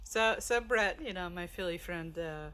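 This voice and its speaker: A woman's voice: fairly low pitch, normal speed, sharp tone. A woman telling a rambling story in casual podcast chat, laughing as she goes and swearing freely. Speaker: podcast co-host.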